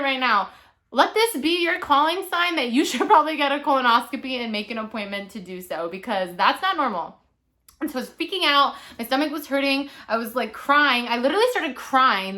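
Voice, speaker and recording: Bright-voiced chatty young woman. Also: fairly high pitch, fairly quick. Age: 20s. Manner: chatty, animated, lots of "like" and "you know". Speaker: vlogger. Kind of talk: casual storytime monologue.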